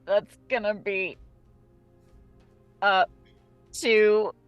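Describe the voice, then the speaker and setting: A woman's voice: mid-range voice, fairly even intonation, drawn-out words, clear, resonant tone, no room sound, dull audio, faint music behind. A woman playing a tabletop game and co-hosting the show, chatting in a giggly, easygoing way. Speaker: tabletop game player and co-host. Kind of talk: casual chat.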